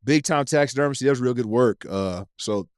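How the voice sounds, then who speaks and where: A man from East Tennessee chats as a podcast guest, an animated storyteller with plenty of profanity. His voice sits mid-range. The recording is dry. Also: medium pitch, moderate pace, no echo. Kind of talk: casual chat.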